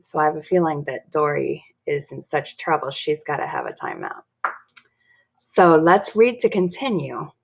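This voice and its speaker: A woman reads a children's storybook aloud, her pitch leaping around as she brings the characters to life. Her voice sits a little low and sounds slightly husky. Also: moderate pace. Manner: expressive, lively character voices. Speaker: teacher reading aloud.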